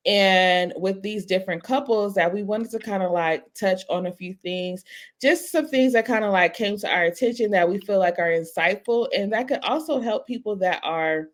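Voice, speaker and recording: Podcast co-host: woman in her 30s, lively anecdotes. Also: medium pitch. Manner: animated storytelling, laughs often. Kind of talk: casual chat.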